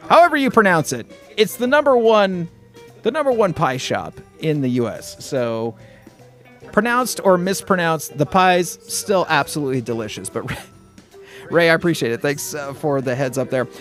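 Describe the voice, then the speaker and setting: Male morning radio host, high and lively voice, chatty and rambling, faint music underneath. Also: normal speed. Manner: upbeat, chatty, rambling with fillers and restarts. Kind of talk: casual morning radio chat. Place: radio studio.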